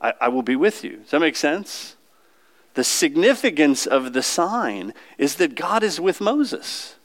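A man's voice: fairly high pitch, very animated, measured pace. A man preaching a sermon in a conversational way, often asking the congregation questions.

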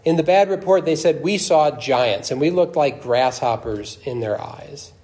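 A man's voice: a little high, a little slow, dark tone. A man preaching a sermon in an earnest, emphatic teaching voice, reading scripture aloud and explaining it.

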